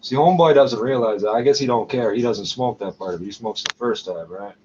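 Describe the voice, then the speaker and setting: Guy vlogging, rambling and cussing, mid-low voice, dull lo-fi audio with a noisy background. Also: brisk. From Canada. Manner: rambling, profane, muttering asides ending in "eh?". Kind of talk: casual rambling monologue.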